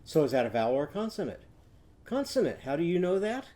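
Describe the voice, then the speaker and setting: A man teaching a children's reading lesson, telling a story in a gentle, patient way and leading slow songs to sing back. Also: a little high, very animated.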